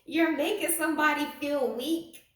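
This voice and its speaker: A woman's voice: high-pitched, fairly even intonation, moderate pace. A woman giving a casual tarot reading to camera, sarcastic and laughing often. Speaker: tarot reader. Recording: echoey room, mic at a distance.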